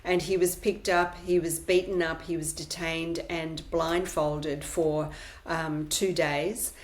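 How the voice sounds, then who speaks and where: Middle-aged woman journalist guest, lowish voice, candid and forthright. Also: level tone, slow. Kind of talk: podcast interview.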